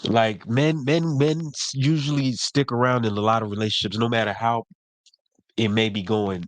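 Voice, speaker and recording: A man's voice: mid-range voice, moderate pace, dry recording. A young man with a mid-range voice tells stories animatedly in a casual podcast chat, putting on the voices of the people in them. The sound is dry and close. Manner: animated storyteller, acts out quoted voices. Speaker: podcast co-host.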